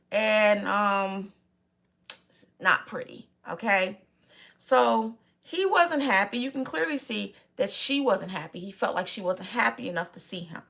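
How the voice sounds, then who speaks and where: A woman's voice: mid-range voice, a bit bright. A woman recapping a movie plot in a chatty, casual way, acting out the characters' lines as she goes. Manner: chatty, retells scenes with quoted lines. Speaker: movie reviewer.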